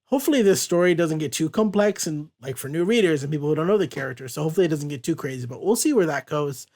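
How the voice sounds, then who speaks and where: A man's voice: a little high, expressive, darkish tone. Upbeat man chatting about a comic. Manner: reads character lines aloud in quick, loose paraphrase, laughs often. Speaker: podcast host reading a comic. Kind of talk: casual comic review chat.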